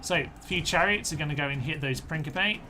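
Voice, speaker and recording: A man's voice: fairly high pitch, a little fast, bright, forceful tone, a little hiss or hum. An Englishman streaming a strategy game live, thinking aloud in a chatty way and talking to his own units. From England.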